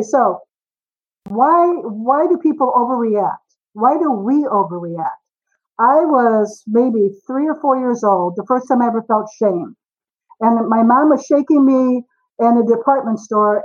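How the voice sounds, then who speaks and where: A woman in her forties, a guest author on a podcast interview, telling stories with lively acted-out dialogue. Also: on the high side, slightly rough, muffled recording. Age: 40s. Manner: animated storyteller, acts out dialogue.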